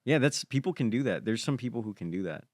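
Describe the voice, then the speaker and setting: A man's voice: medium pitch, animated, quick pace, dry recording, clean studio sound. A man chatting casually on a podcast, telling long stories in a rambling, hesitant way. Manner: rambling, hesitant storyteller full of fillers. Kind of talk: casual chat.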